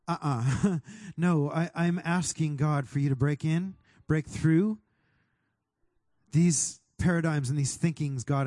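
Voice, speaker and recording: A pastor leading a fervent prayer over his congregation, speaking directly to God and sometimes rising to a shout. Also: fairly high pitch, no room sound, clean studio sound. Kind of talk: sermon prayer.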